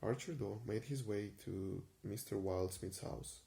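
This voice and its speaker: A man giving an unhurried ASMR reading of a vintage story, with frequent small hesitations. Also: fairly low pitch, vocal fry, dark tone. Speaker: reader.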